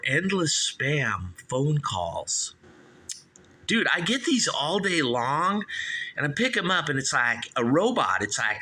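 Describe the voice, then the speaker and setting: A man's voice: on the high side, big pitch swings, slow pace, pushed and bright, breathy edge. A man hosting his own call-in show, rambling through a comic monologue, acting out both sides of made-up chats and plugging the phone number again and again. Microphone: studio microphone.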